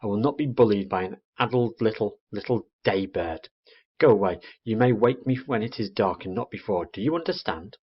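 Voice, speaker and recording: A man voicing a grumpy, sleepy father barn owl who speaks in a gruff, irritable, blustering way. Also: lowish voice, a little fast, hardly any pauses. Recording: dull lo-fi recording.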